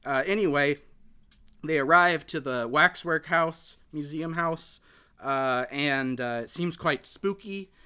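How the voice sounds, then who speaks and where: A man's voice: on the high side, slow pace, bright, forceful tone, clear, resonant tone. A man casually recapping a film plot for a podcast, rambling with many fillers and restarts.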